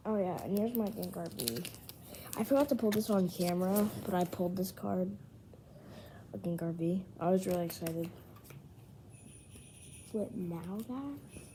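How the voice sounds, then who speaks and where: A woman excitedly opening trading cards on camera, switching between hushed whispers and loud exclamations. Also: lowish voice, normal speed, pauses often. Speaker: card-opening vlogger. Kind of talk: casual unboxing commentary. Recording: steady background noise.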